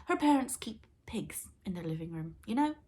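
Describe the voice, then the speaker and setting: A woman's voice: medium pitch, moderate pace, a little hiss or hum, lightly acted. A woman voicing a haughty, scheming queen mother who speaks snidely in a storybook. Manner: snide and purring.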